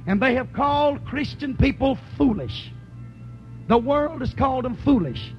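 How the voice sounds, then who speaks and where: A man preaching a fervent sermon in a very high-pitched voice, calling out to his congregation. The recording is muffled like an old tape. Faint music plays behind him. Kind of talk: sermon with altar call.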